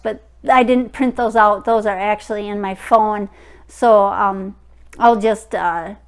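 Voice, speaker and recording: A woman in her fifties telling a personal story to her vlog viewers in a frank, blunt way. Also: clean tone. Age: 50s. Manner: frank and blunt, drops into a low murmur when reading texts aloud. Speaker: vlogger. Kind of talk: casual storytelling to camera.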